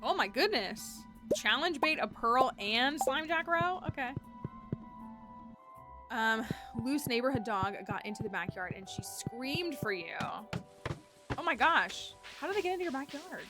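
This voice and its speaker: Excitable woman streaming a game. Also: high-pitched, a little slow. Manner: excitable, chatty, lots of fillers. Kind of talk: casual gameplay commentary. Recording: game music behind.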